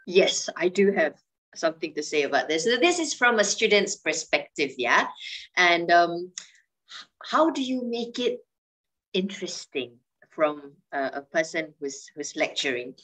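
A middle-aged woman speaking as a panelist in an online webinar, swinging her pitch and loudness for emphasis. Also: big pitch swings, measured pace, rough recording.

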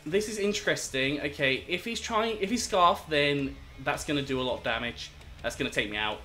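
A man's voice: on the high side, a little fast, pushed and bright, soft background music. A man commentating his own competitive game battle, thinking aloud and turning exasperated and self-critical at his mistakes. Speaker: gaming video host.

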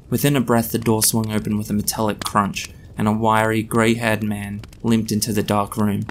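A man reading his own story aloud in a measured, dry narration. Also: lowish voice, a little hiss or hum.

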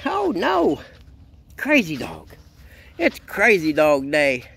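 A man's voice: on the high side, wildly swooping pitch, takes it slowly, vocal fry, fairly bright tone, slight background noise. A man chatting playfully in baby talk to his puppy while filming it outdoors in his backyard. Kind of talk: casual vlog narration.

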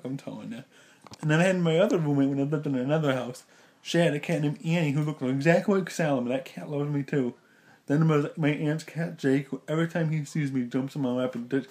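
A man's voice: on the high side, a little mellow. A man vlogging casually, rambling and chatty and laughing often. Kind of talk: casual rambling vlog chat.

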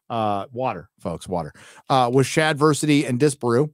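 A man's voice: mid-range voice, animated, moderate pace, slight background noise. Rambling middle-aged male streamer. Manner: rambling, profane, with many fillers. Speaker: live stream host. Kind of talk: casual live stream chat, reading out donations.

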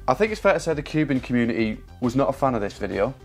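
A man's voice: mid-range voice, big pitch swings, racing, few pauses. A young man, a magician making comic commentary with a sarcastic, jokey manner and frequent laughs. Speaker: magician and video creator. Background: background music.

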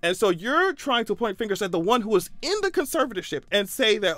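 A man giving casual reaction commentary, sassy and profane, breaking into high-pitched exclamations. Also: sing-song, fairly quick, fairly bright tone, dry recording, faint music behind. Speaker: commentary vlogger.

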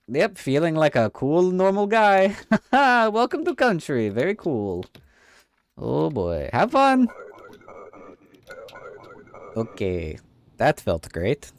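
Doing a jokey let's play, a man with a slightly high voice adopts a mock-official inspector character, a fake foreign accent, and some swearing. The recording is dry.

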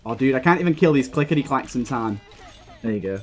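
A man's voice: medium pitch, expressive, fast, faint music behind. A young man giving live gameplay commentary, ranting heatedly and swearing often as he plays. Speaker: gaming video creator.

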